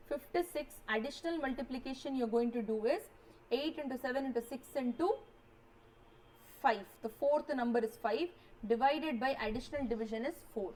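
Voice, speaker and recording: A woman's voice: high-pitched, a little mellow, poor audio. Woman teaching maths step by step. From India. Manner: explains step by step, checks in with students. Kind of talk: exam revision lecture.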